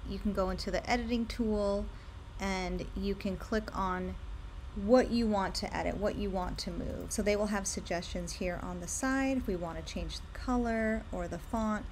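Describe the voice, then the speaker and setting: In this screen-share tutorial, a young candle brand owner clicks through design tools and talks in a relaxed, cheerful way, offering lots of recommendations. She speaks at a moderate pace with a medium pitch and a slightly mellow tone. There's a faint hiss or hum on the recording.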